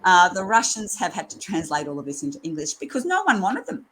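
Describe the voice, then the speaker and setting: A woman's voice: lowish voice, very animated, a little fast, fairly bright tone, husky. A woman in her sixties, a nurse educator speaking as an interview guest in a blunt, earthy way, often laughing as she tells stories. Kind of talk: casual interview chat.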